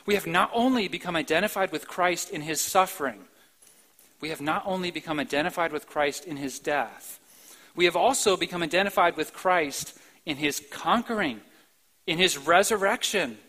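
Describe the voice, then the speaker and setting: A man preaching a sermon in a church, swinging between soft, slow passages and sudden loud, emphatic outbursts. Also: fairly high pitch, poor audio. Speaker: pastor. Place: church sanctuary, live-streamed.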